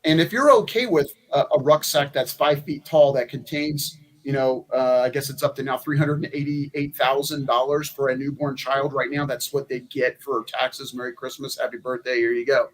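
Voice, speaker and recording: A man's voice: mid-range voice, steady tone, normal speed, hardly any pauses. A man, a former candidate for Congress, talking in a rambling, folksy way with many restarts on a convention panel. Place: convention meeting room.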